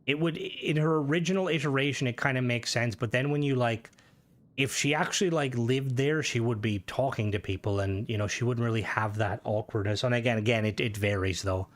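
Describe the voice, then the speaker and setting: A man's voice: mid-range voice, fairly quick. A man talks casually while streaming a game, rambling, swearing and restarting his sentences often. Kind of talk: casual gaming stream commentary.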